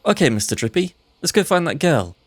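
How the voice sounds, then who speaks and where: A man's voice: a little high, very animated, moderate pace, dry recording, pitched above the performer's own voice. A man voicing a shy, earnest young boy hero who stammers, reading game dialogue live. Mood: eager.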